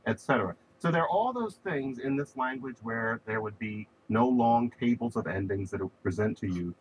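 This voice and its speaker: Lively-voiced man lecturing on language. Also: mid-range voice, normal speed, background noise. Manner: explains with spoken examples, emphatic stress on key words. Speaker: linguistics lecturer. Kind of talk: recorded lecture.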